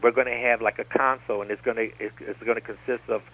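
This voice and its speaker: A man from the United States, calling into a radio show over a tinny phone line, speaks at a quick pace in a medium-pitched voice with little pitch movement. His talk is rambling and digressive, frequently looping back with "like I said."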